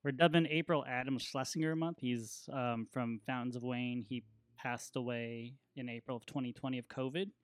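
A man guest on a podcast, explaining in a relaxed, halting way with fillers. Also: medium pitch, no room sound. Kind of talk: casual podcast chat.

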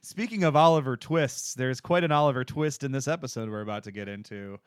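A man's voice: mid-range voice, fairly quick, clear, resonant tone, dry recording, clean studio sound. A man co-hosting a podcast, recapping a TV episode in a rambling, jokey way with lots of fillers. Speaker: podcast co-host. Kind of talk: casual chat recapping a TV episode.

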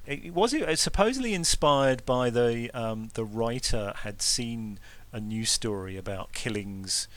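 Lively, bright-voiced man chatting about films. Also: mid-range voice, unhurried, hardly any pauses. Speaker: podcast co-host. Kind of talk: casual film-discussion chat.

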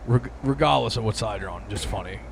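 A man's voice: lowish voice, fast talker, vocal fry, a little hiss or hum. A young man co-hosting a podcast, telling rambling stories with laughs and plenty of swearing. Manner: rambling storyteller, laughing, profane. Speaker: podcast co-host. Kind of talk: crude comedic banter.

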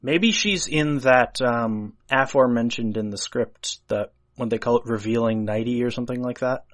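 A man's voice: medium pitch, moderate pace, no room sound. A man co-hosting a podcast, talking through a film script in a chatty, analytical way with hesitant fillers. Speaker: podcast co-host. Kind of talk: casual discussion of a film script.

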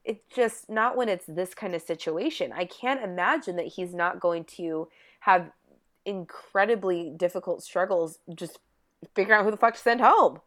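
A woman's voice: lowish voice, normal speed, fairly bright tone. A young woman co-hosting a casual recap chat, sarcastic and swearing freely as she acts out what others said. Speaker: podcast co-host.

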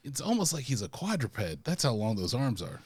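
A man with a mid-pitched voice that moves around a lot in pitch, co-hosting a casual podcast. He talks in a laid-back way with dry humor. The sound is dry and close, with no room echo. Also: huge pitch swings, brisk, a little mellow, slightly rough. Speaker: podcast co-host. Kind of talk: casual pop culture chat.

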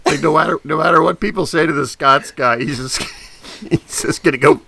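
A man's voice: fairly high pitch, normal speed, vocal fry, sharp tone. A man co-hosting a comedy podcast, joking around, laughing often and slipping into silly voices. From Ireland. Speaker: podcast co-host. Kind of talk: comedic casual chat.

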